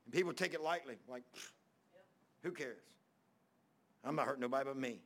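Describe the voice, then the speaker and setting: A man's voice: medium pitch, brisk, a bit bright. A male pastor telling stories in a folksy, rambling sermon, acting out the people he quotes. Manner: folksy, rambling Southern preacher talk with quoted dialogue. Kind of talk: storytelling sermon.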